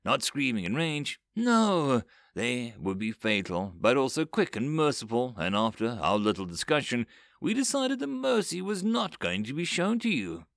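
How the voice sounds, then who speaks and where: A man voicing an ancient, pleasant cosmic being that speaks calmly and precisely. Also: medium pitch, moderate pace, vocal fry, no room sound, clean studio sound.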